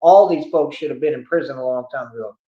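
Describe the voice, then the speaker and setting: A man's voice: medium pitch, fast talker, dark tone. A man on a livestream with a boastful, taunting, slangy manner, ranting at his critics. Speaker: streamer. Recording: echoey room, dull lo-fi stream audio.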